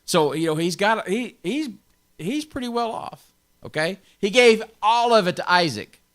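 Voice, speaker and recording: A man's voice: high-pitched, animated, normal speed, a bit bright. A man pastor giving an informal Bible teaching, stressing key words and chuckling often.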